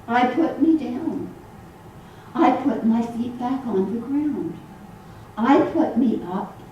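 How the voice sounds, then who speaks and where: A woman minister giving a sermon to a congregation in a church hall, animated and acting out the voices she quotes. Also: a little high, slow, lo-fi sound, a little hiss or hum. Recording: echoey hall, voice from far off.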